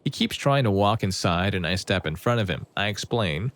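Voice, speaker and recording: Man, story narration, low voice, matter-of-fact, dry close sound. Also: expressive, moderate pace, few pauses, dry recording. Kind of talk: scripted narration of reader-submitted stories.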